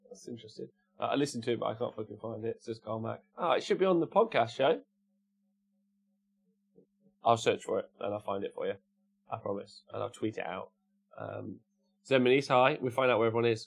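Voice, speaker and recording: Man, English Midlands accent, gravelly, husky voice, casual stream chat host. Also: medium pitch, animated, fairly quick, long pauses. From Cannock, England. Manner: reads out chat messages and answers them with jokes. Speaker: livestream host answering chat.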